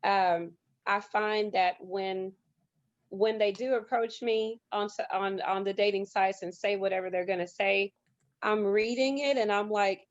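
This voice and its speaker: A woman on a panel discussion, talking with emphatic, animated storytelling. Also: medium pitch, measured pace, no echo, highs cut off.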